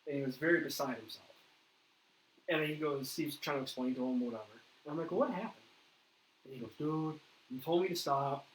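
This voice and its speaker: Animated male storyteller in echoey room. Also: fairly high pitch, fairly quick. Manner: animated storyteller, acts out quoted dialogue. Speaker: paranormal investigator host. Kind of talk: casual storytelling interview. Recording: echoey room with faint noise.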